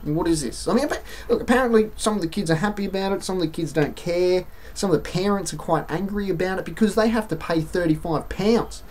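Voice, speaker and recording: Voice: medium pitch, fast, few pauses, darkish tone. An Australian-accented vlogger delivering an exasperated, sarcastic opinion rant to camera, with mocking asides.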